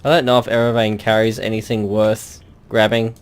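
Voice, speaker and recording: A man's voice: lowish voice, little pitch movement, brisk, clear, resonant tone. Man with dry, wry gameplay commentary. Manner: dry, wry asides with sudden crude jokes. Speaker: let's play host.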